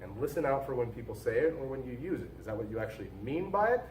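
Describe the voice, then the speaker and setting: Guy teaching logic, punches key words then goes quiet, roomy echo, sits a bit back from the mic. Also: medium pitch, sing-song, fast talker, recorded from a distance, slight background noise. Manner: emphatic, repeats warnings, swings from loud stresses to quiet asides. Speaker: logic instructor. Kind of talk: recorded lecture.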